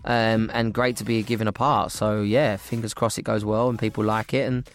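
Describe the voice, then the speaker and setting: A man chatting as a guest on a radio show, cheerful and quick to laugh, often repeating his words. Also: fairly low pitch, level tone. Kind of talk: casual radio chat.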